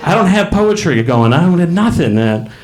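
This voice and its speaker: A man's voice: on the high side, very animated, normal speed, a crowd in the background. A man in his late thirties doing a stand-up comedy set in a club, rambling and self-mocking, bursting into acted voices. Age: late 30s.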